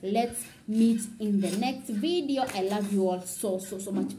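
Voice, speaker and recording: A woman vlogger from Kenya telling a story in a casual, very fast, run-on way. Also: medium pitch, background noise.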